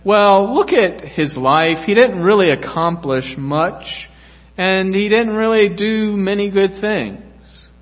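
A man's voice: high voice, slow pace, pitched above the performer's own voice. A man reading aloud, voicing a severe, disembodied judging voice that finds fault. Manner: stern and fault-finding. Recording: echoey church hall, dull lo-fi sound.

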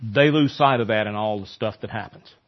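Animated preaching man, slightly muffled. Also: on the low side, brisk. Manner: conversational, animated when quoting scripture. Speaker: pastor. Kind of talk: sermon.

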